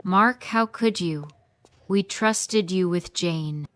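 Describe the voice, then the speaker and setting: Woman doing a reproachful mother, smooth voice, very slow, dry sound. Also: on the low side, dry recording. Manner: reproachful, pleading. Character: hurt, disappointed mother. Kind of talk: slow scripted story for learners.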